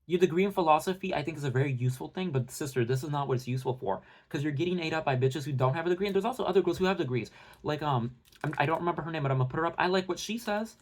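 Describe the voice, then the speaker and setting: Give me a young man with a higher voice doing a heated, profane rant. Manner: fast bursts of talk with many fillers. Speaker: commentary channel host. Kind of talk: heated casual rant to viewers.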